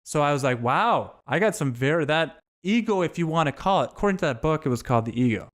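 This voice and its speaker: A man's voice: a little high, animated, quick pace. A man, a podcast guest telling candid, profane, self-reflective stories in casual conversation.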